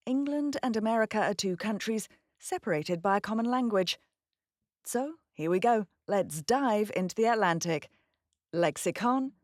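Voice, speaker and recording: A woman who is a professional voice actor, presenting a short pronunciation lesson in a clear, precise way. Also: medium pitch, no room sound, clean studio sound. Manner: clear, precise, lively delivery. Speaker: voice actor and narrator, host.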